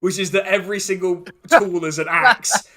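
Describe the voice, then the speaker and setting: A man's voice: high voice, moderate pace, sharp tone. A man running a tabletop game as game master, rambling loosely and laughing often.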